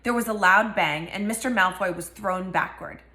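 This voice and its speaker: A woman's voice: medium pitch, normal speed, sharp tone, echoey room. A woman reading a novel aloud and giving each character a voice. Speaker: reader.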